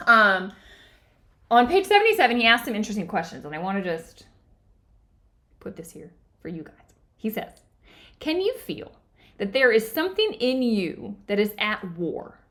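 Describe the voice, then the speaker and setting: A woman's voice: on the high side, a bit bright. A woman hosting a book club discussion in a conversational way, reading passages aloud and often checking in with her listeners.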